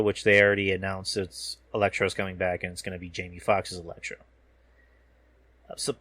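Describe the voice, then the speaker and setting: A man's voice: fairly low pitch, sharp tone. A man hosting a podcast, casually recapping a film trailer while watching a show, rambling and swearing, often losing his words. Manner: rambling, profane, loses words mid-sentence. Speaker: podcast host.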